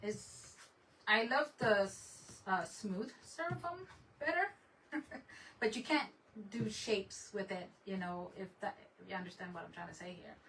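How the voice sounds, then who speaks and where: A woman's voice: medium pitch, measured pace, creaky, a bit bright. A woman hosting a craft livestream, chatting casually with viewers, laughing often and greeting them in Spanish. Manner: laughs often, trails off mid-sentence. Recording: voice a bit distant, faint room noise.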